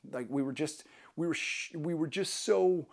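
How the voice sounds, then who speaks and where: A man's voice: fairly high pitch, normal speed, vocal fry. A man hosting a travel vlog, giving casual travel tips in an enthusiastic, self-deprecating way.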